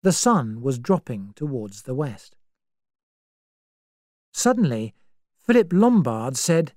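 A woman reading a story aloud as narrator, in a slow, measured way. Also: extremely low pitch, big pitch swings, warm tone, no echo, clean studio sound.

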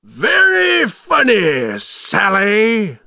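Oogie Boogie, a gloating shouting bogeyman. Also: high-pitched, huge pitch swings, gravelly, no room sound, studio quality, voice pushed up, heavily acted. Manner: shouting, cackling, drawn-out words. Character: gloating monstrous male bogeyman villain, loud. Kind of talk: storybook reading.

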